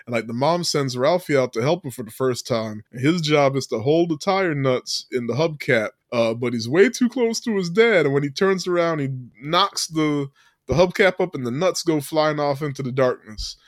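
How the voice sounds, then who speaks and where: A man's voice: fairly high pitch, moderate pace, no room sound, studio quality. A man co-hosting a podcast, retelling a film scene by scene with frequent laughter and acted-out quotes. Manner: animated storyteller, laughs often, acts out quotes. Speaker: podcast co-host. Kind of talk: casual movie recap chat.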